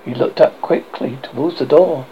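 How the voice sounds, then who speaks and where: A man reading a horror story aloud as host, with a dramatic, expressive delivery. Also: fairly high pitch, normal speed, a little hiss or hum. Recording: dull lo-fi recording.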